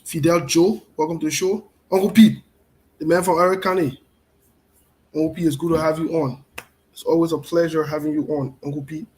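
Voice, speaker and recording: A man's voice: fairly high pitch, fairly even intonation, brisk, a little mellow, a little hiss or hum, rough recording. A man hosting a casual live stream, repeating himself often and greeting viewers by name. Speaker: show host.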